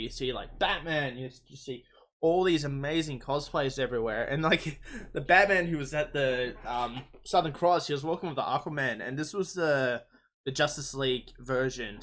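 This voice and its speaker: A young man from Melbourne with an Australian accent, telling a rambling, excitable story in casual podcast chat, swearing and laughing often. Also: mid-range voice. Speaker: podcast host.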